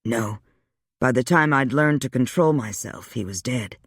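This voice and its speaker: A man voicing a weary, wry male vampire, speaking low and subdued in a dry audiobook reading. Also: animated, a little slow, a bit bright, breathy edge, no room sound, full character voice. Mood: steady.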